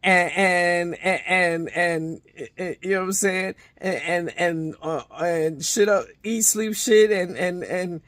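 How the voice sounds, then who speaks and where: Profane, animated woman recapping reality TV. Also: fairly low pitch, slow, dry recording. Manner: profane, animated retelling with many restarts. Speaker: reality TV reviewer. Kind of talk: casual recap commentary.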